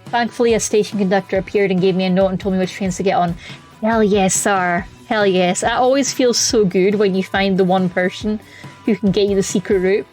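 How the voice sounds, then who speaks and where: A woman's voice: mid-range voice, a little mellow, poor audio. Young woman, streamer, chatty and self-deprecating, faint music under her voice. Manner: chatty, self-mocking, laughs often. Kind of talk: casual chat to stream viewers.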